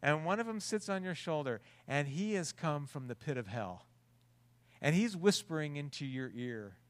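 A man's voice: on the high side, expressive, normal speed, long reverb tail. A male pastor preaching a sermon in an earnest, conversational way, often asking rhetorical questions.

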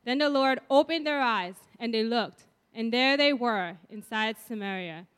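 A woman pastor leading a group Bible reading, reading scripture aloud clearly and evenly in a church hall. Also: on the high side, animated, measured pace, fairly bright tone. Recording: long hall reverb.

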